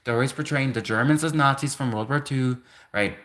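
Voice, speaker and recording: A man in his thirties with a bright, forward voice hosts a livestream and tells a story in a loose, wandering way. He keeps correcting himself mid-sentence and scatters "like" through his talk, laughing between thoughts. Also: mid-range voice, a little fast. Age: 30s. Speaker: livestream host. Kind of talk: rambling casual storytelling.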